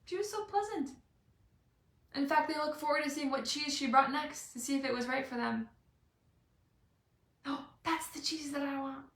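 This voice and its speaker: Bubbly high-voiced woman coach. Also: normal speed, long pauses, a bit bright, reverberant. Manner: bubbly and playful, acts out little scenes. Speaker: life and business coach. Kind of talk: motivational live video talk.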